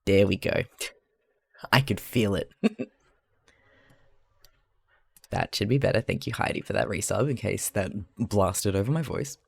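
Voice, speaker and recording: A man's voice: on the low side, unhurried, gravelly, pauses often, darkish tone, breathy edge, no echo. An Australian man who streams live, talking casually and chattily to his chat while he crafts, rambling a little, laughing often and swearing freely.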